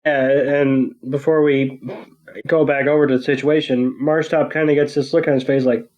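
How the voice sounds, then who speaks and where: A man co-hosting a podcast, telling a casual, relaxed recap of a cartoon episode with filler words. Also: medium pitch, normal speed, muffled recording. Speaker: podcast co-host.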